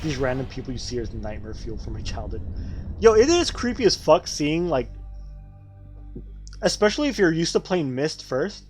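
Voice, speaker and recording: Faint music plays behind a man whose voice is on the high side and a little mellow, with big pitch swings at a normal speed. He streams a game, chatting casually, profanely, and ramblingly with his viewers.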